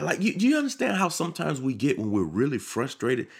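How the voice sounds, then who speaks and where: A man delivering a sermon on his podcast, preaching with animated swings and acting out quoted voices. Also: mid-range voice, fast talker, creaky, few pauses, husky.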